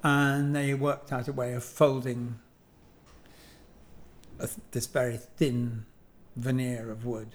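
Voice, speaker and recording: A man's voice: mid-range voice, little pitch movement, slow. Older English man musing at length. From England. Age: 70s. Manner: musing, digressive, with many ums and self-corrections. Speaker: guest sculptor. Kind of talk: reflective conversational monologue.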